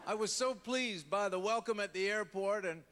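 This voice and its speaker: A man doing a measured presidential orator. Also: sits high, a bit bright. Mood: solemn. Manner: slow deliberate speech-making with pauses. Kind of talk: stand-up impression. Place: live comedy festival stage. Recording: hall reverb, faint crowd ambience.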